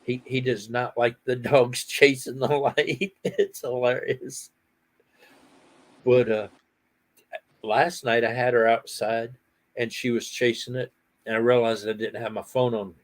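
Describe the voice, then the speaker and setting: A middle-aged man hosting a casual outdoor chat, telling animated stories and laughing often. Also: medium pitch, a little slow. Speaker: host.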